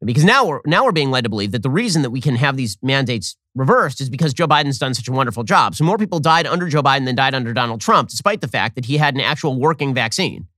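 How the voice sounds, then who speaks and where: A man hosting a political commentary show, delivering a fast, sarcastic, exasperated monologue. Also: medium pitch, animated, pushed and bright, no echo, clean studio sound.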